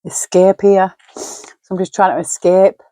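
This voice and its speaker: A woman's voice: mid-range voice, little pitch movement, normal speed, warm tone, dry recording. A woman in middle age giving a solo tarot reading at home, musing aloud, naming card words and sighing often. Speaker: tarot reader.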